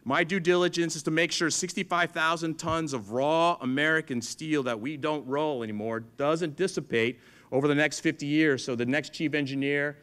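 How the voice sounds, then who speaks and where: A slightly high, smooth, fairly bright voice at normal speed belongs to a middle-aged man, a museum chief engineer, who tells stories to an audience with lively acted-out dialogue.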